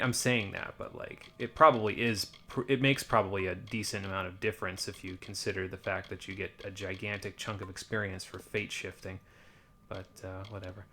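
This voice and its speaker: A man's voice: lowish voice, pushed and bright, a little hiss or hum. A man giving casual, rambling commentary while playing a video game, with wry muttered asides. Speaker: let's play streamer.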